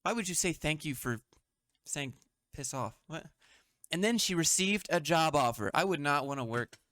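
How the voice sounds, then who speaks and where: Man, blunt and mocking commentary host, slightly high voice, dry close-mic sound. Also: lively intonation, normal speed, bright, forceful tone, no room sound. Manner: blunt and mocking, with frequent swearing. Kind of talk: sarcastic meme commentary.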